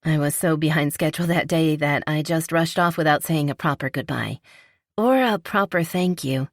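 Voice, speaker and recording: A woman narrator voicing a veteran male firefighter in a romance audiobook, friendly and low-key. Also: normal speed, dry recording, clean studio sound. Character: man, veteran firefighter, easygoing and earnest. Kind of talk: audiobook character reading.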